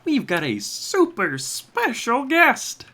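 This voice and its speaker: A cheerful frog puppet host. The voice jumps far above his usual pitch, with a bright, buzzy edge. He stretches each word out slowly like a showy announcer. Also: huge pitch swings, exaggerated voice.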